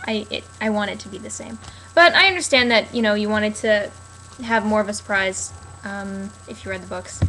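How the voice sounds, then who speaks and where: A woman's voice: mid-range voice, fairly bright tone, a little hiss or hum, low-quality recording. A young woman rambling casually and sarcastically about a TV episode, with lots of fillers. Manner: chatty, sarcastic, many fillers. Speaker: TV recap vlogger.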